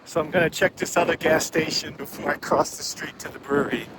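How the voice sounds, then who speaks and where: A man narrating a casual travel vlog in a relaxed, rambling way while running errands. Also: a little high, brisk. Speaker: thru-hiker vlogger. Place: outdoors in a town. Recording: outdoor street noise.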